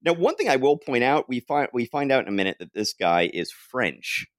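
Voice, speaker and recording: A man hosting a casual comic-book podcast chat, talking in an animated way and laughing often. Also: mid-range voice, normal speed, no echo, studio quality. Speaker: podcast host.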